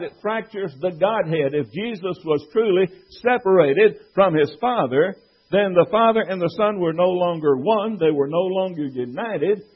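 High-pitched and husky, a preacher argues his point from the Bible, weaving in scripture quotes and rhetorical questions. The recording sounds dull and lo-fi.

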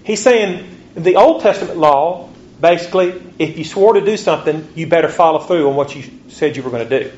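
Male preacher, fairly high voice, slow emphatic scripture reads, dull lo-fi recording. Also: a little mellow, slight background noise. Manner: reads scripture slowly, rising pitch on rhetorical questions. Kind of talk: sermon. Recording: dull lo-fi recording with faint ambience.

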